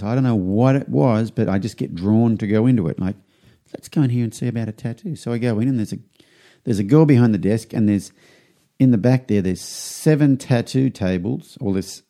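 A middle-aged man hosting a podcast, telling a rambling anecdote and acting out what people said in a higher voice. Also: gravelly, warm tone. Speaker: podcast host. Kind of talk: casual storytelling.

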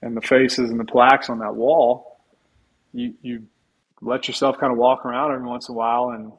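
A man's voice: medium pitch, little pitch movement, a little fast, husky, rough recording. A man in his forties, a podcast guest and former football player, telling stories in a chatty, humble way full of restarts. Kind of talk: casual storytelling in a podcast interview.

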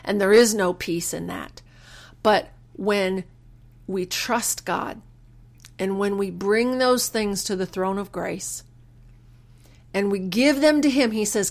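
A woman hosting a faith podcast, speaking earnestly about letting go, quoting scripture slowly and with emphasis, sometimes halting and restarting. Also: mid-range voice. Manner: earnest, preacherly, quotes scripture with slow emphasis; halting restarts when moved. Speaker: podcast host. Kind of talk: faith-based personal reflection.

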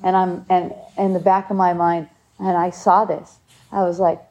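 A woman's voice: on the low side, little pitch movement, normal speed, mellow, muffled recording. A woman in her late forties telling a personal story in casual conversation, candid, laughing often and swearing freely. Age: 40s. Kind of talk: casual chat.

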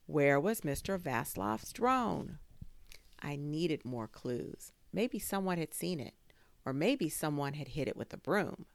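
A woman narrating a children's chapter book aloud in an expressive storytelling manner. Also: deep voice, slow pace, creaky, dry recording. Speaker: audiobook narrator.

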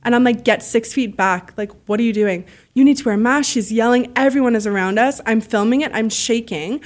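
A woman telling stories as a podcast guest, animated and freely swearing, acting out the voices of people she quotes. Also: fairly high pitch, fairly quick. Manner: heavy use of "like" fillers. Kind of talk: casual storytelling.

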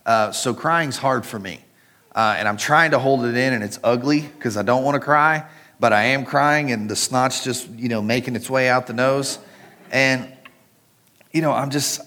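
At a moderate pace, a middle-aged pastor with a medium, fairly bright voice gives a conversational sermon. He relates a personal story while talking directly to those listening.

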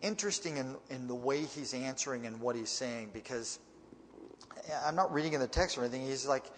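A man's voice: medium pitch, fairly quick, big-room sound, a little hiss or hum. A man reading Bible verses and explaining them in a plain, conversational way. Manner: conversational, plain-spoken asides between readings. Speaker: preacher teaching a Bible passage.

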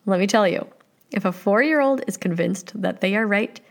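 A woman's voice: mid-range voice, moderate pace. A Canadian woman in her thirties with a Canadian accent, hosting a solo podcast as a life coach and talking casually with listeners. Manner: friendly, conversational, asks the listener questions.

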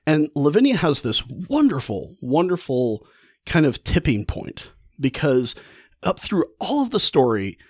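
A man hosting a podcast, casually retelling a story with enthusiasm and frequent halting restarts. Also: fairly high pitch, big pitch swings, slightly rough, no room sound, clean studio sound. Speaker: podcast host.

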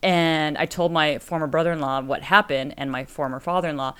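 A middle-aged woman from California telling a story in casual podcast chat, animated and acting out the people she quotes. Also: low-pitched, a little fast, clear, resonant tone. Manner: animated storyteller who acts out quoted voices. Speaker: podcast co-host.

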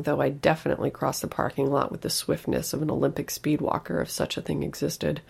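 A woman narrating a first-person horror story in a steady, flat storytelling manner. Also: low voice, creaky, breathy edge.

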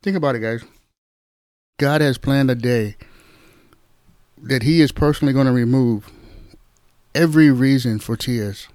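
A man giving an informal devotional talk as a Bible teacher, gentle and repetitive, often addressing listeners as "guys". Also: mid-range voice, a little slow, pauses often, no echo, studio quality.

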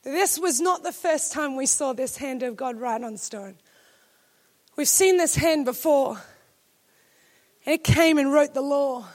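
A woman with a high, bright-pitched voice preaches a sermon to her congregation. She speaks with emphatic conviction and pushes certain phrases up into loud, ringing declarations. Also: expressive, unhurried, long pauses. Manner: emphatic, rising to shouted declarations.

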